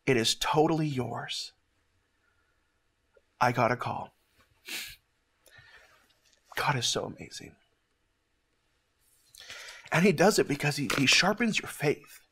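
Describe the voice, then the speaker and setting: A man hosting a ministry show, giving an emotional testimony in an earnest, halting way with many restarts, near tears. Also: a little high, expressive, fairly bright tone.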